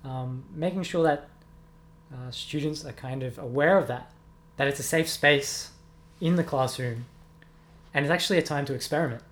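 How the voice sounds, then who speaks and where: A young man who teaches music gives earnest, reflective interview answers, full of ums and self-corrections. His voice is medium-pitched and fairly bright, at a moderate pace with long pauses.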